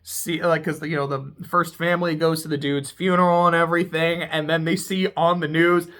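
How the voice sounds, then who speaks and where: A speaker casually recapping a TV episode, excitable and profane, laughing often. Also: mid-range voice, normal speed. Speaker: TV show reviewer.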